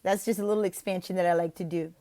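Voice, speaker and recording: A woman explaining how to teach an online lesson, walking through slides in an expressive, animated way. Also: fast. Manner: animated, expressive, slips into whispers and a high sing-song teacher voice. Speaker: online English teacher giving interview tips. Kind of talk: instructional talk with acted classroom demos.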